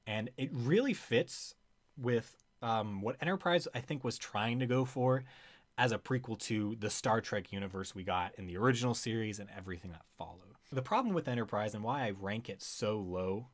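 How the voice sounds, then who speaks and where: Young guy reviewing stuff, kinda low voice, lots of ums and restarts, laid back. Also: expressive, moderate pace. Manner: conversational, with many fillers and restarts. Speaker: video reviewer. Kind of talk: casual spoken review.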